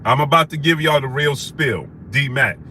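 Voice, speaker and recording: A man hosting a live stream, shouting out viewers by name and repeating phrases for emphasis as he rises to heated outrage. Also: mid-range voice, lively intonation, moderate pace, slight background noise.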